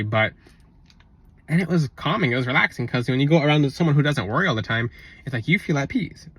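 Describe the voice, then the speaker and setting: A man's voice: fairly high pitch, a bit bright, husky. A man talking in a casual spiritual vlog, blunt and rambling, on a close mic. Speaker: spiritual content creator.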